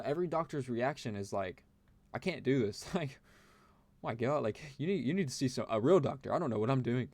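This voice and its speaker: A man's voice: medium pitch, dry recording. A young man telling a casual storytime, rambling with lots of fillers like "like" and "bro". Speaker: vlogger.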